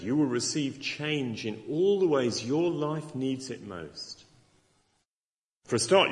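A middle-aged male preacher delivers a Christmas sermon in an earnest, conversational way, acting out the doubts of his listeners. His pitch rises and falls in a lively way. The voice rings with the long reverb of a large hall. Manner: earnest, conversational, acts out imagined objections.

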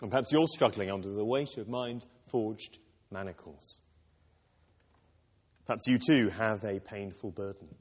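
A man preaching a sermon to a congregation, expressive and acting out quoted lines. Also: lowish voice, measured pace, pauses often. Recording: dull reverberant hall.

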